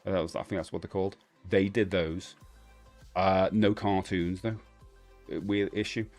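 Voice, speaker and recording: A man's voice: sits low, little pitch movement, normal speed, darkish tone, soft background music. A man in his forties with a Cockney London accent, hosting a live stream in a casual, rambling chat with lots of fillers and restarts. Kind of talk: casual chat, reading viewer comments.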